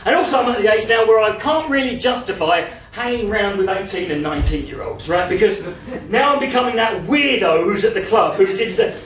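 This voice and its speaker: A stand-up comedian in his thirties, swearing freely and shouting out punchlines. His voice sits very high for a man. The recording has a roomy live-venue sound, with the voice a little distant from the mic. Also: animated, brisk, few pauses. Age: 30s. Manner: brash, profane, bursts into shouting. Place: comedy venue in front of a laughing audience.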